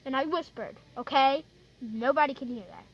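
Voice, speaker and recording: A woman's voice: high-pitched, moderate pace, muffled recording, natural voice. Bossy pet store clerk, a woman putting it on. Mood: stern. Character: stern pet store clerk handing over a dog. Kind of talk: pretend play with toys.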